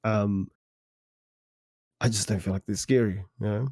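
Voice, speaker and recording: A man's voice: on the low side, steady tone, a little slow, gravelly, darkish tone, no room sound, studio quality. A young man guesting on a podcast, chatting casually, often hesitant and stammering. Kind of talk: casual chat.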